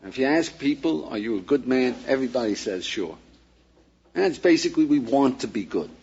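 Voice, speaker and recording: A man teaching a class as a rabbi, in a lively lecture style, acting out little dialogues and putting questions to his listeners. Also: medium pitch, brisk. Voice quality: husky. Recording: dull lo-fi archive lecture recording.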